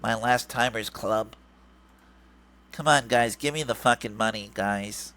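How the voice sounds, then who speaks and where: A man's voice: on the low side, unhurried, sharp tone. A man putting on a mocking nasal voice for a greedy, whiny male grifter who keeps begging for money. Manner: mocking, sing-song and repetitive. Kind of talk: mocking impression.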